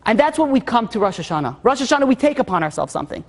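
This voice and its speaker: A man giving a holiday sermon as a rabbi. He tells a tender story in a hushed voice, then preaches with rising emphasis. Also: very high voice, very animated, racing, few pauses, in a large hall.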